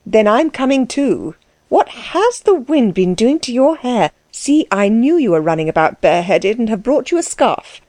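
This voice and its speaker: A woman voicing a gracious older princess who speaks fondly and teases gently. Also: on the high side, sing-song, normal speed, no echo. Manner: warm, gently teasing.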